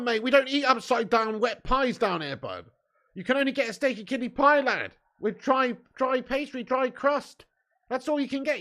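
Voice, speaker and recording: A man's voice: very high voice, fairly bright tone. A man, live-streaming a football watch-along, chatting with viewers in laddish, sweary banter and laughing often. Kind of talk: live stream chat and match commentary.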